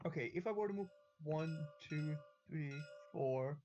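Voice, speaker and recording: A man's voice: on the high side, a little slow, warm tone. A man playing a tabletop game with friends, thinking aloud and counting out his moves. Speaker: player. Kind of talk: casual tabletop game chat.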